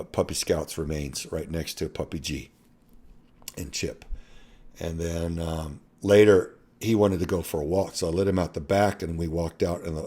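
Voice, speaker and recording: A middle-aged man telling a personal story in a halting, earnest way that often trails off softly. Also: sits low.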